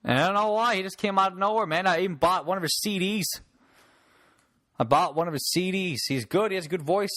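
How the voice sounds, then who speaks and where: A man from Newfoundland talks loosely and profanely on his own podcast, joking his way from one tangent to the next. His pitch swings widely as he rants. The sound is dry and close, with no room around it. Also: animated, a little fast, fairly bright tone, no room sound. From Newfoundland, Canada. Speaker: podcast host and stand-up comic. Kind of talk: casual solo podcast rant.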